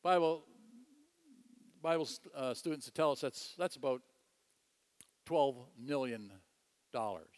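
A man preaching a sermon, telling a story with animated delivery, chuckling and repeating phrases. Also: medium pitch, takes it slowly, pauses often, long reverb tail.

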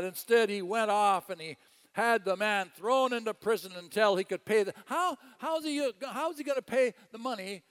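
A man preaching a sermon, telling a story with animated delivery, chuckling and repeating phrases. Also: high-pitched, clear, resonant tone, big-room sound.

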